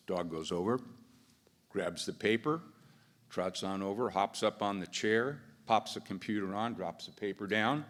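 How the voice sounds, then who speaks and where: A man's voice: low voice, measured pace, fairly bright tone. An American man moderating a business event, giving easygoing opening remarks with fillers and restarts into a podium microphone. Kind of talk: opening remarks with a told joke. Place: large conference hall. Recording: long reverb of a large hall.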